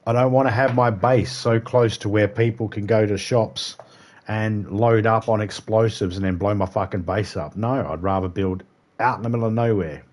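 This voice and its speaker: A man's voice: lowish voice, steady tone, moderate pace, a little mellow. A man with an Australian accent rambling and swearing freely while streaming a game live. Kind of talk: casual livestream chat.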